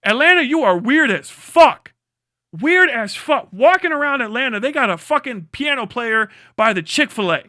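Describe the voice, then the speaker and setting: A man's voice: extremely high pitch, animated, normal speed, bright, forceful tone, dry recording, clean studio sound. A man, the live streamer, delivering a rambling, profane comedic rant.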